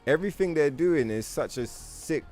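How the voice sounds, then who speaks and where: A man livestreaming a game, talking to his chat in a rambling, profane, animated way. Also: fairly high pitch, moderate pace, soft background music. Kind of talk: casual gaming stream chat.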